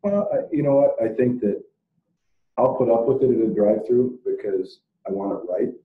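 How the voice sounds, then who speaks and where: A man co-presenting a salon business webinar, chatting in a relaxed way with frequent restarts. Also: on the low side, moderate pace. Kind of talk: casual webinar discussion. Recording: echoey, phone-like sound from across the room.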